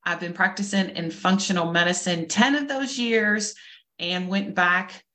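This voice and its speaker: A woman's voice: fairly low pitch, unhurried, bright, forceful tone. A woman in her fifties from Kentucky, introducing herself with enthusiasm as a nurse co-hosting a health podcast. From Louisville, Kentucky. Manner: upbeat, enthusiastic. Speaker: nurse and nutrition coach co-host.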